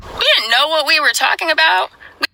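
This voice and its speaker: A woman's voice: sits high, brisk, bright, forceful tone, low-quality recording. A woman speaking earnestly straight to the viewer in a played clip. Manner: earnest, lectures the viewer directly. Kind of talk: earnest direct-to-camera address.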